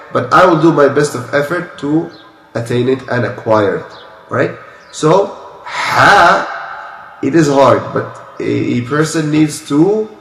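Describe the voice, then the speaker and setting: Slow, patient male recitation teacher. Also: a little high, fairly bright tone, echoey room, poor audio. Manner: slow, patient, demonstrates sounds repeatedly. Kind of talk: pronunciation lesson.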